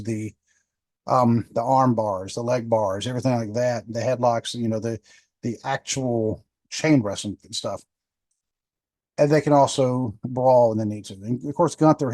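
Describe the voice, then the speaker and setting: Medium in pitch and a little mellow, this man in his fifties reviews things alone on his podcast. He talks loosely, full of fillers and restarts, and the recording carries no room sound.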